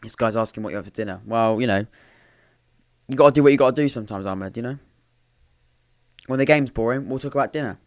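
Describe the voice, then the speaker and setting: A fast-talking man with a mid-range voice hosts a podcast-style live football watchalong, leaving long pauses as he goes. His casual match commentary rambles, with frequent self-interruptions and restarts and plenty of dry, sarcastic asides.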